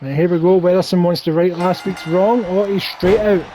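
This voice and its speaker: A man's voice: high-pitched, steady tone, moderate pace, warm tone, a little hiss or hum, poor audio. Wry man calling wrestling. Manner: wry, teasing banter. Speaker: wrestling game commentator. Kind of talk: play-by-play commentary over a video game.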